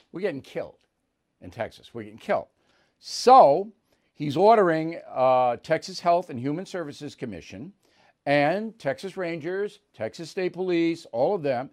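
Male host, pointed opinion commentary, slightly high voice with a very lively swing, blunt and emphatic.

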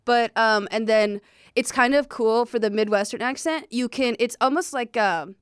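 A woman's voice: a little high, normal speed, clear, resonant tone, no room sound, studio quality. An American woman in casual podcast chat, enthusiastic and a little profane. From United States. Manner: casual, enthusiastic, swears lightly.

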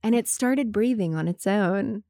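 A woman's voice: medium pitch, a little slow, no room sound, clean studio sound. A woman with a slight Southern American accent co-hosting a casual podcast, telling stories with lots of laughter and restarts. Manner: giggly, animated storytelling with restarts. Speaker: podcast co-host. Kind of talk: casual chat.

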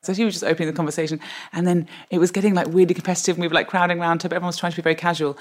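A woman, a guest on a podcast, telling anecdotes in an animated way and laughing often. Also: on the low side, racing. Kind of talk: interview anecdote.

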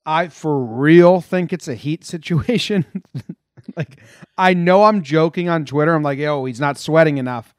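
A young man co-hosting a podcast, joking and telling animated stories about a baseball game. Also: on the high side, a little slow, clear, resonant tone, dry recording, clean studio sound. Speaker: podcast co-host. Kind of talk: casual sports chat.

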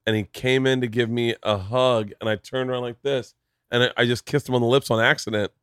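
A man hosting a podcast, telling stories in a casual, animated way, swearing freely and breaking into impressions. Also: a little fast, clear, resonant tone, no echo, clean studio sound. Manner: animated storyteller, swears freely, jumps into high-pitched impressions. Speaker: podcast host. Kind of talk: casual chat.

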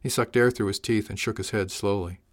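A man narrating a story in the first person, in a measured, reflective manner. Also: lowish voice, steady tone. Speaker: audiobook narrator.

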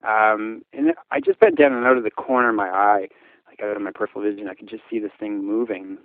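Halting, low-voiced man from Newfoundland. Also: big pitch swings, vocal fry, no echo, narrow, tinny audio. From Newfoundland, Canada. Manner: halting, many restarts and fillers. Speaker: schoolteacher telling his story. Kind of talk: casual spoken recollection.

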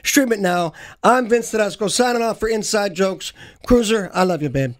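A male radio host speaks into a studio microphone in a dry, dead room. His voice runs a bit higher than most men's, and he talks casually, with plenty of "uh"s, as he thanks his guest and wraps up the show. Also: normal speed, no room sound. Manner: casual, with filler "uh"s. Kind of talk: signing off an interview. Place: recording studio.

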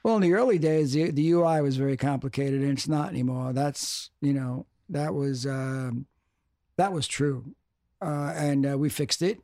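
An older man, a music executive, in a casual interview, talking in halting bursts that repeat words. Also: medium pitch, a little mellow.

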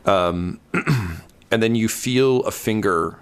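A man narrating a tabletop role-playing game as game master, halting with many ums and uhs. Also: on the low side, smooth.

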